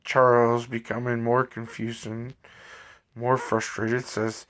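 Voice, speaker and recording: A man narrating an improvised story in a halting, self-correcting way. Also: medium pitch, monotone, a bit bright.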